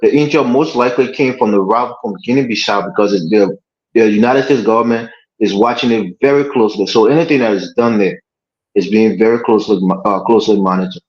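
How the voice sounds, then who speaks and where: A man hosting a political panel discussion, making his case in a measured, argumentative way. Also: fairly low pitch, a little mellow. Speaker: panel host. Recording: echoey room, dull lo-fi audio.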